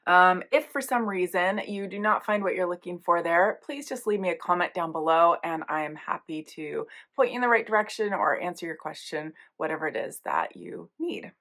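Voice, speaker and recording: A woman hosting a casual knitting podcast, her voice gravelly and hoarse as she recovers from an illness, chatting along with plenty of ums. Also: fairly low pitch, fairly quick, few pauses, a bit bright. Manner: chatty, rambling, many ums. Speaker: podcast host.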